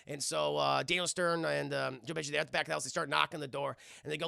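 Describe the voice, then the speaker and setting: A man streamer recapping a film casually, profane and excitable, and constantly talking to his chat. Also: on the high side, fast talker, gravelly, few pauses, clear, resonant tone, dry recording, studio quality.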